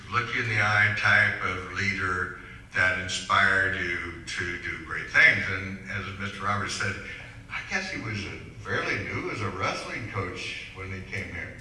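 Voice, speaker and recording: A man's voice: lowish voice, bright, forceful tone, slight background noise. An older man giving a rambling, self-deprecating hall of fame speech full of anecdotes. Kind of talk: storytelling acceptance speech. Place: school hall. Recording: echoey hall, mic far off.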